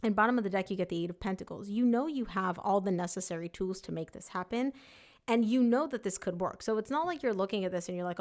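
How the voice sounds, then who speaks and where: A woman's voice: mid-range voice, a little fast, darkish tone. A woman giving a casual tarot reading, talking emphatically and often voicing her listener's thoughts. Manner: chatty, emphatic, voices the client's thoughts. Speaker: tarot reader.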